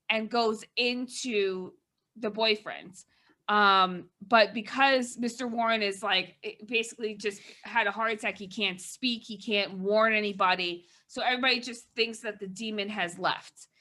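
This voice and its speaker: A woman's voice: medium pitch, measured pace, bright, forceful tone. A woman co-hosting a casual movie review chat, recapping the plot in a rambling way full of "like" and "kinda".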